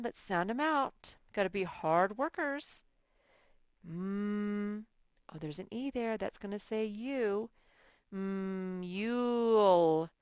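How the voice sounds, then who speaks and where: A woman's voice: mid-range voice, clean tone, dry recording. A woman teaching a reading lesson to young children, drawing out words and sounding out letters. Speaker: first-grade teacher.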